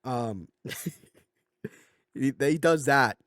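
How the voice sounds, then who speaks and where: A man's voice: mid-range voice, drawn-out words, a bit bright, no room sound, studio quality. Rambling man recapping a movie plot. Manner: rambling, filler-heavy, slips into goofy impressions. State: coughing a bit. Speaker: video essay host.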